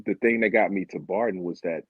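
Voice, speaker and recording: Husky-voiced man, dull lo-fi sound. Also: sits low, brisk, no room sound. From Baltimore, Maryland, USA. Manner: animated, acts out quotes of teammates. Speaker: guest, former Olympic sprinter. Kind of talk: candid conversational storytelling.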